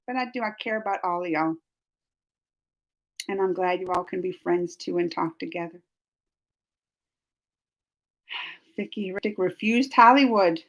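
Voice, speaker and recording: A woman's voice: mid-range voice, big pitch swings, moderate pace, pauses often, fairly bright tone. A woman hosting a casual live stream on a computer microphone, rambling and chatty as she reads comments, laughing often and restarting her sentences. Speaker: live stream host reading chat comments.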